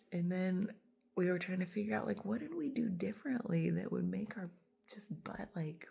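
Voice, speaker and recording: A woman's voice: fairly low pitch, moderate pace, vocal fry, mellow, breathy edge. A woman in her late forties, a body worker, telling a chatty, laughing story in a casual monologue and acting out the lines people said. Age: 40s. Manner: chatty, laughs often, acts out quoted lines. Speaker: body worker and podcast host.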